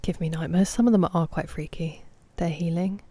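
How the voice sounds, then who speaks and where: A woman's voice: on the low side, fairly even intonation, normal speed, warm tone, no room sound. A woman in her thirties chatting casually while streaming a game, rambling off on tangents and laughing as she talks to her viewers. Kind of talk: casual chat while gaming.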